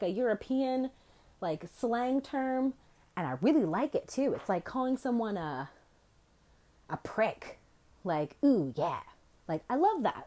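Brash, profane young woman podcaster. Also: mid-range voice. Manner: brash, profane, animated storytelling. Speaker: podcast host. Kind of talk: solo podcast rant.

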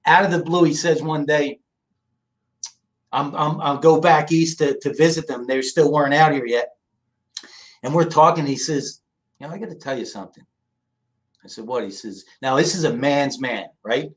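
A middle-aged man from the Philadelphia area, a guest in an interview, telling family stories in a lively, casual way and often checking in with "right?". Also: fairly high pitch, moderate pace. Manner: animated storyteller, asks "right?" often. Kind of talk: casual storytelling.

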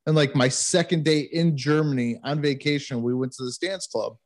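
Animated profane American man telling stories. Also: fairly high pitch, normal speed. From United States. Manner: profane, animated storytelling with laughs. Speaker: podcast co-host. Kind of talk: casual storytelling chat.

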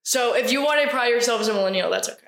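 A woman's voice: fairly high pitch, racing, fairly bright tone, a little hiss or hum. A young woman from North Carolina chatting casually as a podcast co-host, with lots of "like" and giggles. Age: young adult. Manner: giggly, filler-heavy. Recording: echoey room.

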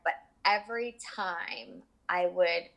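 Woman, 30s, interview guest. Bright, clear voice, candid and conversational. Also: lowish voice, slow, low-quality recording. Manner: candid, chatty, full of fillers. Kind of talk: personal story in conversation.

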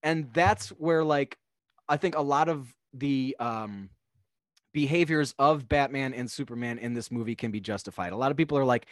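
A young man on a podcast, casually talking through a film in a rambling, animated way. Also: medium pitch, moderate pace, no echo, clean studio sound. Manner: rambling, animated, acts out characters' lines. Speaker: podcast guest.

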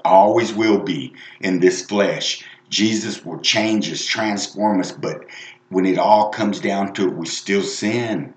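Low-voiced man preaching in a roomy echo. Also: slow. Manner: rambling, conversational, emphatic with many asides. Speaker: lay evangelist. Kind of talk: informal preaching.

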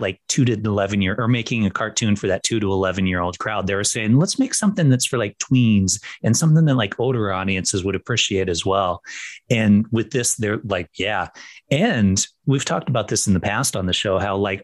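A man co-hosting a podcast, casually explaining history in a steady, explanatory way. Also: fairly low pitch, no room sound. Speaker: podcast co-host. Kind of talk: casual chat.

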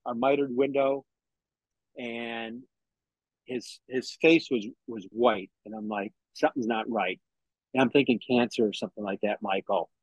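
A man's voice: mid-range voice, dry recording, highs cut off. A middle-aged man telling a personal story in an interview, acting out what others said to him and often restarting his sentences. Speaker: interview guest.

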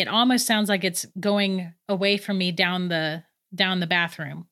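A woman, probably in her thirties and a mother of three, chattily telling a true ghost story with quick laughs. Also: mid-range voice. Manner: chatty, animated, laughs between lines. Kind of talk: casual spoken ghost story.

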